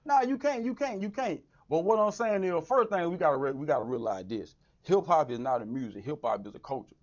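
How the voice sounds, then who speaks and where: A middle-aged man hosting a casual podcast chat, animated, who keeps saying "right, right" and "you know what I'm saying". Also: on the high side, brisk. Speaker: podcast host. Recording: dull lo-fi sound.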